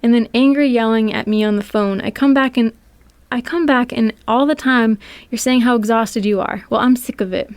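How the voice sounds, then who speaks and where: A woman reading out the lines of a frustrated actress complaining to her husband, slightly higher and louder. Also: normal speed, no room sound, close to an everyday voice. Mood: exasperated. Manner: complaining, exasperated.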